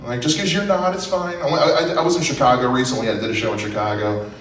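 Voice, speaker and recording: A man's voice: mid-range voice, fairly even intonation, quick pace, fairly bright tone, distant mic. A young man doing a profane, self-deprecating stand-up set on a comedy club stage. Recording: roomy club sound from afar, faint noise.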